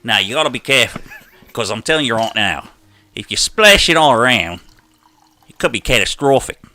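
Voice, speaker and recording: A man's voice: medium pitch, very animated, a little fast, sharp tone, voice pushed down. A man hamming up a playful mock Australian bloke in a casual live chat. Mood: mock-serious. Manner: exaggerated, playful put-on accent.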